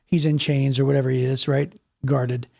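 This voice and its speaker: A man co-hosting a podcast walks through a Bible story in a vivid, casual way, often repeating words and restarting. His mid-range voice is creaky and darkish, with a flat delivery at a moderate pace.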